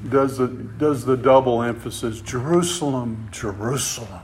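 An impassioned male preacher delivers a sermon at an unhurried, deliberate pace. His voice sits at an ordinary middle pitch, then swells louder and higher whenever he presses a point home. He doubles words and phrases as he builds. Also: a little hiss or hum. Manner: impassioned, rising in pitch and volume for emphasis, repeats words.

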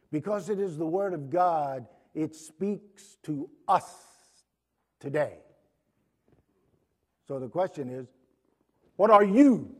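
A man preaching a sermon to his congregation, pausing often, restarting phrases and clearing his throat. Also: a little high, a little mellow. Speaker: pastor.

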